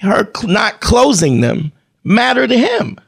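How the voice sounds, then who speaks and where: A man's voice: high voice, sing-song, unhurried, vocal fry, husky. A man in casual chat, telling a profane story with lots of acted-out dialogue.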